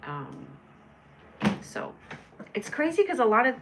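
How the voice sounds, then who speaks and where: A woman's voice: high-pitched, big pitch swings, takes it slowly, very noisy. A woman hosting a casual livestream, chatting in a bubbly, rambling way and answering her viewers by name. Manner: bubbly, rambling, reads chat comments aloud and answers viewers. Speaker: livestream host.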